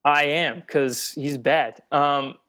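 A man's voice: on the high side, fairly even intonation, slow pace, pushed and bright, no echo. Blunt, profane sports podcast man. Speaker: podcast co-host. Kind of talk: casual sports chat.

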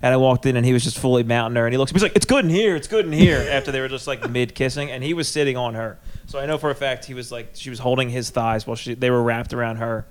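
Fast-talking young man, crude banter. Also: mid-range voice, little pitch movement, clean tone. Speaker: podcast co-host. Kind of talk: casual chat.

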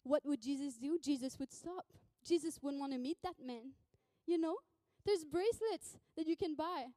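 A woman preaching a sermon, telling a story in an animated way, acting out voices and often laughing. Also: high voice, normal speed, no echo.

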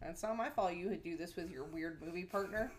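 A woman's voice: on the low side, fairly quick. A woman co-hosting a casual podcast, teasing her co-host and laughing often. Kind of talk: casual chat.

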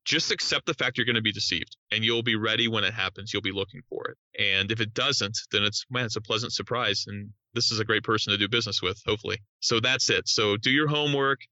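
A man's voice: on the low side, quick pace, hardly any pauses, no room sound, lo-fi sound. A man, a hostage negotiator, explaining negotiation in a podcast interview with emphatic, repetitive phrasing. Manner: emphatic, repeats phrases, rising excitement on key points.

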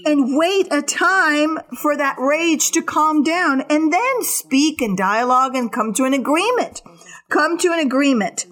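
Woman preaching a sermon, high voice, takes it slow and earnest. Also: animated, a bit bright. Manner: slow, earnest exhortation with repeated short commands.

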